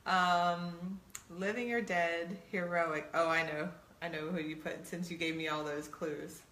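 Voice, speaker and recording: A woman's voice: lowish voice, fairly even intonation, unhurried, a bit bright. Giggly woman chatting in an echoey room. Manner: giggly, playful, teasing. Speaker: co-host playing a couples quiz game. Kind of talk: casual chat.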